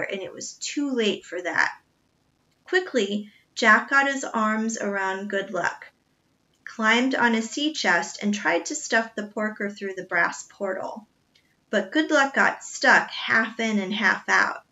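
A woman reading a children's novel aloud in an expressive storytelling manner. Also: medium pitch, measured pace. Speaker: reader. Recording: dull lo-fi recording.

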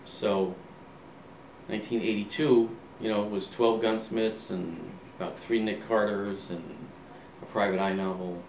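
A man in his sixties, an author being interviewed, telling relaxed anecdotes and acting out old conversations, with frequent ums and restarts. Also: on the low side, measured pace. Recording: roomy, distant mic, faint ambient hum.

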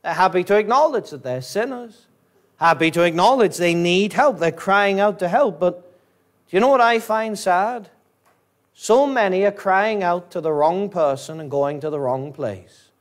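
Northern Irish male pastor, high-pitched, fiery sermon, urgent peaks and hushed drops. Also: expressive, normal speed. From Northern Ireland. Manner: rising to urgent high-pitched emphasis, then dropping low; repetitive, pleading rhetorical questions.

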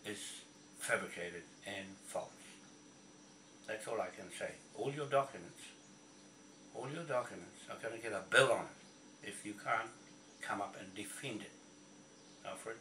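A man's voice: on the low side, sharp tone. A man with a New Zealand accent, delivering a combative, swearing rant aimed at someone he calls out by name. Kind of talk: angry rant to camera. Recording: echoey, from a distance, faint noise.

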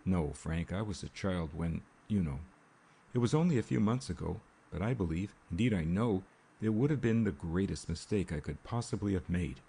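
A man reading the part of a composed young woman, speaking evenly in a low, gravelly voice. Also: moderate pace, exaggerated voice. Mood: calm. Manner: calm, even.

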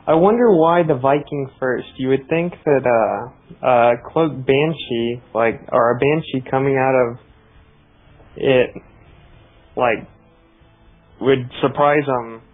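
A man co-commentates on a strategy game, mixing analysis with dry jokes. His voice sits at an ordinary middle pitch. The audio is narrow and tinny, like a phone call. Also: slow pace. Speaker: esports co-caster. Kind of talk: casual live game commentary.

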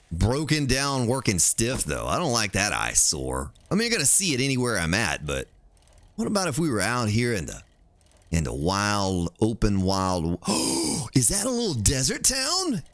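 A man's voice: medium pitch, wildly swooping pitch, unhurried, fairly bright tone, no room sound. A man streaming a survival game, chatting playfully with his viewers and joking as he plays. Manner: playful, jokey, talks to chat and the game. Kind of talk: casual gameplay commentary.

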